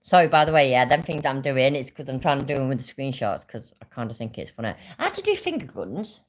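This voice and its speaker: A woman with a very deep voice talks over a video she is reacting to. She swears freely and speaks bluntly. Her pitch moves a lot as she talks. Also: sing-song, quick pace, slight background noise. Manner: swearing, blunt, laughs often. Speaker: commentary streamer. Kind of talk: reaction commentary on a played stream.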